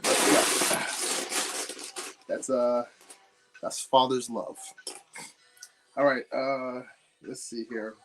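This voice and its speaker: Young male stream host from New Jersey, mid-pitched, easygoing and anecdotal, talks to viewers as he builds. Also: level tone, very slow, long pauses, over music. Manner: rambling anecdotal storyteller, chats with viewers. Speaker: livestream host. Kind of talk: casual chat while building.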